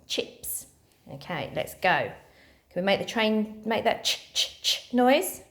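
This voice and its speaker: A woman teacher leading a phonics lesson for young children, speaking slowly and encouragingly and sounding out letters one by one. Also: medium pitch, expressive, fairly bright tone.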